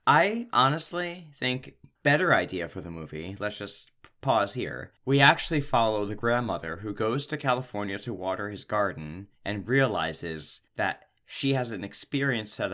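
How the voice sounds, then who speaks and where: A man co-hosting a podcast, chatting casually about a film and retelling its scenes in an animated way with plenty of laughs. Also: lowish voice. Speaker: podcast co-host. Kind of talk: casual movie-review chat.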